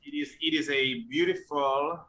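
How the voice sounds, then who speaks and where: Bright-voiced man haggling as a player. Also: on the high side, steady tone, moderate pace. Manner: chatty, haggling. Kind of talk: playing a tabletop game.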